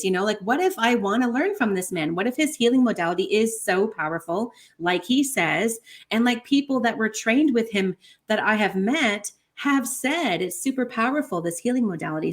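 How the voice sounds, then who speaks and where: A woman, a podcast guest, telling a personal story in an animated way with many fillers. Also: mid-range voice. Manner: animated, many fillers like 'like' and 'you know'.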